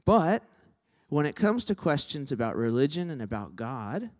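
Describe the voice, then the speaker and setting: Man preacher, easygoing sermon voice slightly above average in pitch, joking and telling stories about himself. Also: very animated, normal speed. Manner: conversational, tags lines with "right?"; self-deprecating storyteller.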